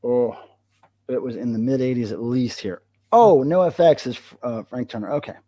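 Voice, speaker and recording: An American man hosting a casual live chat, talking in a rambling, animated way. His voice sits at an ordinary middle pitch. The sound is dry and close to the mic. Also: moderate pace, no echo. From United States. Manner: rambling, animated, talks to his cat in a soft baby voice. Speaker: livestream host.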